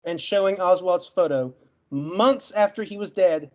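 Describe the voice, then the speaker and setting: A man giving a debate closing argument in a rapid, list-like way, with a stutter that makes him get stuck on words. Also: sits high, darkish tone, highs cut off. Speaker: debate participant.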